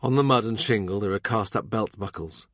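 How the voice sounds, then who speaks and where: A man narrating a historical novel in a measured, unhurried reading. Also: lowish voice, a bit bright, dry recording, clean studio sound. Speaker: audiobook narrator. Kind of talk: scripted narration.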